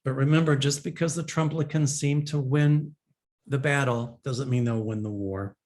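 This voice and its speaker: A man's voice: mid-range voice, steady tone, moderate pace, darkish tone. A man hosting a psychic show, answering viewer questions in a rambling, casual monologue full of fillers.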